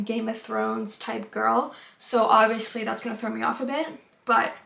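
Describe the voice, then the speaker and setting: Young woman, book vlogger, casual chatty delivery, slightly high voice with vocal fry. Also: fairly bright tone. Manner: chatty, filler-heavy, drops to whispers at times. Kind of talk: casual reading vlog.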